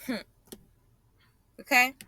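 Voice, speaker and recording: A woman's voice: very slow, sharp tone, no echo. A woman vlogger angrily commenting over her own clips, profane and repeating herself for emphasis. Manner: indignant, profane, repeats phrases.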